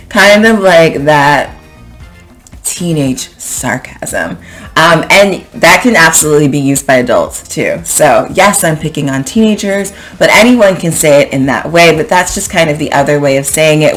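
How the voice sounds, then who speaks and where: Brief: female English teacher, unhurried delivery, playful explainer for an online lesson. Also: low voice, lively intonation, fairly bright tone, faint music behind. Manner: chatty, playful, acts out example phrases. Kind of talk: casual online vocabulary lesson.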